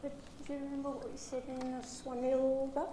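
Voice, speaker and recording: A woman coaching a ballet rehearsal, brisk and animated, calling the dancers darling and singing the counts. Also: high-pitched. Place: echoey dance studio. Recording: echoey room with background noise.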